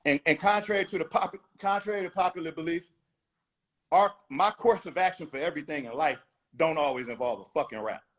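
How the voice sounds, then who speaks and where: A man's voice: a little high, a little fast, a bit bright. A man talking as a rapper guest in a casual interview, blunt, emphatic and profane.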